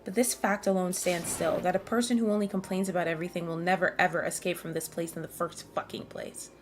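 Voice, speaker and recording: A woman's voice: on the low side, steady tone, fast talker, a little hiss or hum, lightly acted. Game role: scornful teen girl, read by a woman, cold and mocking. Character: sharp-tongued teenage girl, cutting and scornful.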